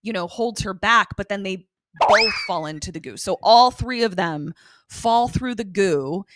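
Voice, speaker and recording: A woman co-hosting a podcast, recapping an episode in casual, animated chat with profane asides. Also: medium pitch, unhurried, noisy background. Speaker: podcast co-host.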